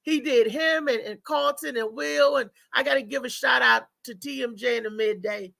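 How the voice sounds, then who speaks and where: A woman's voice: a little high, moderate pace, vocal fry, a bit bright, no echo, poor audio. A woman hosting a live show, chatting loosely and talking straight to her viewers. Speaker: host. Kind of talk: casual live show chat.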